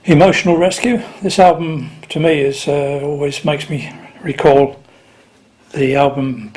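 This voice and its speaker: A man's voice: fairly high pitch, steady tone, unhurried, a little mellow. A man talking casually and unhurriedly to camera about his record collection, with dry little asides.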